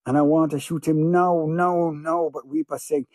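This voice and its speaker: A man's voice: fairly high pitch, level tone, normal speed, a little mellow, no echo. Male audiobook narrator, obsessive and feverish, dry close recording. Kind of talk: first-person audiobook narration.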